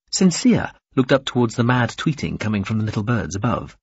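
A man narrating an audiobook in an expressive, varied reading. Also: lowish voice, a little fast, few pauses, breathy edge, dry recording, muffled recording. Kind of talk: scripted narration.

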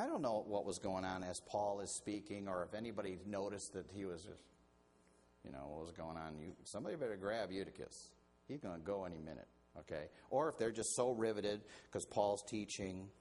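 A male pastor preaching a sermon in an animated, conversational way, often restarting his sentences. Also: lowish voice, slight background noise.

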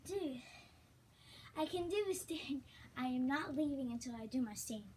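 Hohe, plaudernde Frauenstimme im Vlog. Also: female voice, sits high, lively intonation, moderate pace, a little hiss or hum. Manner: rambling, drops into soft whispery asides. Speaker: vlogger teaching gymnastics. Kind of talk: casual chatty tutorial vlog.

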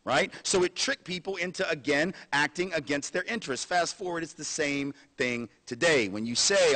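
A man lecturing at a university with an animated, sarcastic energy. He talks conversationally, in a fairly high voice. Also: moderate pace, few pauses. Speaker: guest lecturer. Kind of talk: public lecture.

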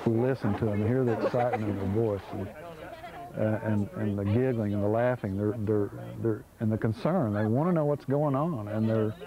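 A man's voice: lowish voice, normal speed, a crowd in the background, rough recording. A man, earnestly explaining a creek education program in an interview, with frequent restarts. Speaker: program organizer. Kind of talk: documentary interview.

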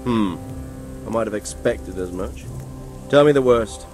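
An actor playing a stern, dignified medieval lord in a video game, speaking in a formal, commanding way. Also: male voice, on the low side, a little slow, darkish tone, soft background music, close to an everyday voice. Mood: grave.

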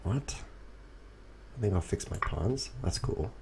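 A man commentating his own chess games on a stream, goofy and self-mocking, talking to viewers and swinging from excited outbursts to quiet mutters. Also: slow, vocal fry, a little hiss or hum. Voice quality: animated, jumps high when excited, drops to mutters. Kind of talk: casual live commentary while playing. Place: home room. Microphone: streaming setup.

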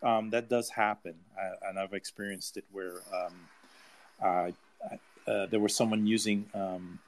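Male audience member, lowish voice, halting personal account. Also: steady tone. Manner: hesitant, many fillers and stammered restarts.

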